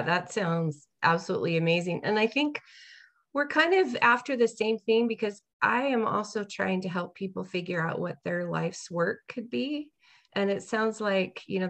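Woman, 40s, interviewer, vocal fry, rambling and filler-heavy. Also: lowish voice. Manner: warm, rambling lead-ins with many fillers. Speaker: interviewer, host. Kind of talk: interview questions.

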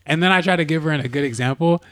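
A man's voice: a little high, fast talker, a bit bright, no room sound, studio quality. Teasing podcast co-host man. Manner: teasing, playful. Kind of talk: casual podcast banter.

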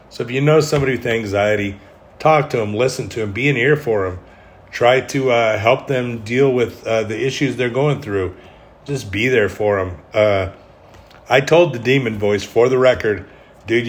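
Candid, rambling male podcast host. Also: medium pitch. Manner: candid, rambling, self-deprecating humor. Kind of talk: solo podcast monologue.

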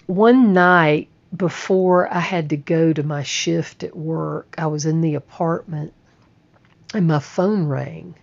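Woman, slow unhurried storytelling, halting and repetitive, lowish voice, muffled lo-fi sound. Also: creaky, darkish tone. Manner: slow, halting, repeats words. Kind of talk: personal recovery storytelling. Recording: muffled lo-fi recording.

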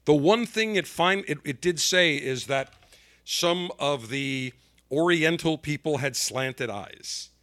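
A man's voice: a little high, slow, a bit bright. A middle-aged man hosting a talk show, giving emphatic, indignant opinion commentary. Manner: emphatic, indignant, punchy delivery. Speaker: podcast host.

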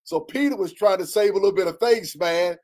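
A man's voice: sits high, a little fast, a little mellow. A man, a guest pastor, preaching on a podcast in a storytelling style, building up and then dropping back down. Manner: storytelling preacher, swelling and falling intensity.

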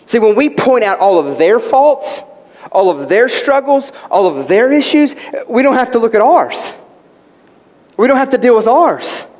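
A man's voice: extremely high pitch, big pitch swings, measured pace, a little mellow. A man preaching a sermon as pastor, impassioned, repeating words and asking rhetorical questions. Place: church sanctuary. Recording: long reverb of a large hall.

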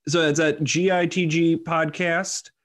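A man's voice: a little high, flat delivery, a little slow, fairly bright tone. Guy cohosting a podcast, chatty, keeps laughing, lots of uh and um. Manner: laughs often, rambling with many fillers. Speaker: podcast co-host. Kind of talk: casual podcast chat.

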